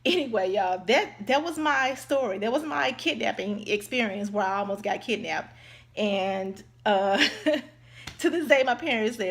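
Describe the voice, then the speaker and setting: A vlogger tells a casual storytime with a medium-pitched voice at a moderate pace. She's animated, acting out other people's voices and repeatedly calling her viewers y'all.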